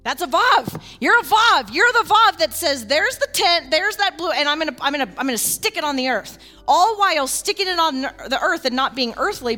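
A woman pastor with a high voice preaches a sermon in an animated, folksy style, dropping quick casual asides as her excitement builds.

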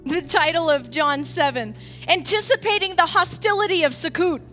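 A woman leading an interactive bible study for a group, swinging from quiet asides to loud, emphatic preaching. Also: very high voice, normal speed, soft background music. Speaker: bible teacher.

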